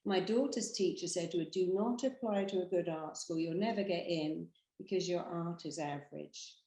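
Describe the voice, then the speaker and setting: A British woman delivers a motivational talk with emphatic, animated energy. She acts out the quotes she tells in her stories. Her voice sits a little low, and the room gives it a noticeable echo. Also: moderate pace. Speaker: therapist and hypnotherapist.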